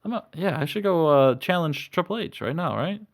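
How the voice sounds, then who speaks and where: A man's voice: on the high side, animated, brisk, pitched above the performer's own voice. A man voicing a boastful male wrestler with a sarcastic, raised voice. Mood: mocking.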